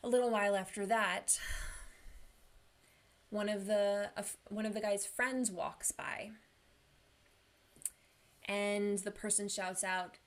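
A woman's voice: medium pitch, steady tone, slow pace, pauses often. A young woman who coaches people through anxiety and depression, giving an earnest, casual motivational talk. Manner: earnest, casual, uses "like" a lot. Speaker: mental health coach.

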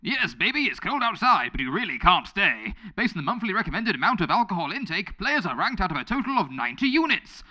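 A man's voice: sits high, big pitch swings, quick pace, few pauses, bright, forceful tone. A man reading the scores as a podcast scorekeeper in a showy announcer manner.

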